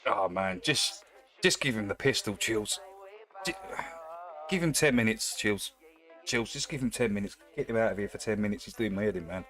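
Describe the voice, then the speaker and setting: A man's voice: fairly low pitch, lively intonation, moderate pace, a bit bright, faint music behind. A man with an Essex and North London accent, hosting a casual livestream and chatting bluntly with his viewers in a rambling way. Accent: Essex / North London English. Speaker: livestream host.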